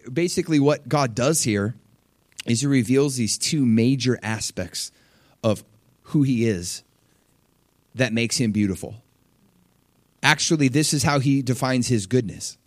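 A young man preaching a sermon in a conversational, animated way, acting out quotes and asking the congregation questions. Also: a little slow, pauses often, dry recording. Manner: animated, conversational, acts out quotes with big pitch leaps.

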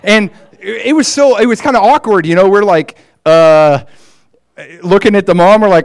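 A man casually recounting a ministry trip, growing animated and loud as the story builds. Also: moderate pace. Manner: animated, gets loud and high when excited; frequent fillers and restarts. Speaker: traveling minister.

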